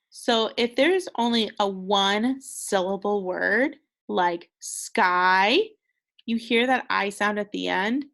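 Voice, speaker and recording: Young female teacher for a kids' phonics lesson: slow, gravelly, patiently encouraging. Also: mid-range voice, a bit bright. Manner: patient, encouraging, carefully sounding out words. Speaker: second grade teacher. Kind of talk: recorded phonics lesson for children.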